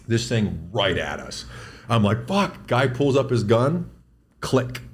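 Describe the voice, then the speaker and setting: A middle-aged man telling a hunting story in casual conversation, fast and profane, stumbling over repeated words when he gets excited. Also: on the low side. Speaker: guest doctor.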